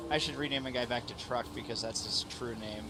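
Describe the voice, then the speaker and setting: A man's voice: medium pitch, a little fast, heavy background noise. Laid-back rambling male game streamer. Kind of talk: casual gaming stream chat.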